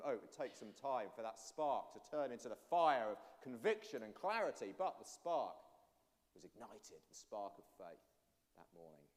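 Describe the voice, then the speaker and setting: A man, a pastor, giving an animated all-age sermon and addressing the children directly. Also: mid-range voice, normal speed. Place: church. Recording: long church reverb.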